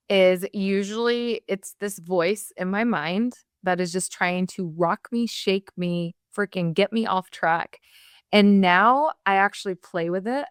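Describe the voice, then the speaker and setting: A woman hosts a podcast and talks with a smooth, clear voice in a dry, close recording. She chats with her guest warmly and enthusiastically. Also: mid-range voice, no room sound. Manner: warm, enthusiastic, laughs easily. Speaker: podcast host. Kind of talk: conversational interview.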